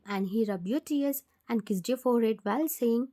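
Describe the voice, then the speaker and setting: A woman narrating a second-person fan-fiction story in a plain, steady reading voice. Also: a little high, normal speed.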